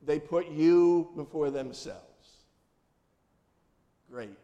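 A very slow, fairly high-pitched man with a dark tone preaches folksy, humorous stories and quizzes the congregation. The lo-fi recording carries a large hall's long reverb.

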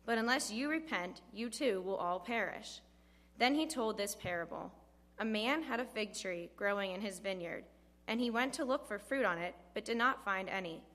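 A woman reads scripture aloud in a steady, measured way, her voice at a middle pitch. Her words ring out with a long reverb in the church. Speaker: scripture reader.

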